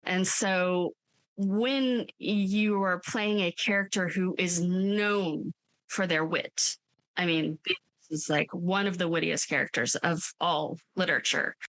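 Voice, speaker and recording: A woman co-hosting a podcast, chatting about films in a frank, animated way and laughing often. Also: lowish voice, takes it slowly, no room sound, low-quality recording. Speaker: podcast co-host. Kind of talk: casual movie-review chat.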